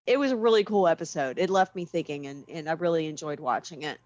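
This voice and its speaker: A woman co-hosting a casual review podcast, calmly recapping the plot step by step. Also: sits low, fast, dry recording. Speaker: podcast co-host. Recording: dull, dry lo-fi mic.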